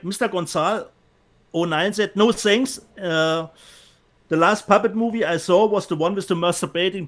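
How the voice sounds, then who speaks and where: A man's voice: fairly high pitch, fairly bright tone. A man with a German accent co-hosting a casual chat show, reading out viewer comments and laughing often. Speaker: co-host.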